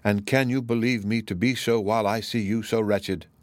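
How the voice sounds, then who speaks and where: A man voicing a composed young woman in an audiobook, earnest and gently urging her sister, close to his own voice. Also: fairly low pitch, steady tone, moderate pace, dry recording, close to an everyday voice. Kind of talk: audiobook character voice.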